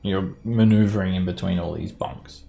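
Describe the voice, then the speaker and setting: Male game master, lower voice, chatty narration full of laughs and "uh"s. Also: moderate pace, vocal fry, mellow, faint music behind. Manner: loose narration with frequent laughs and fillers. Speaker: dungeon master.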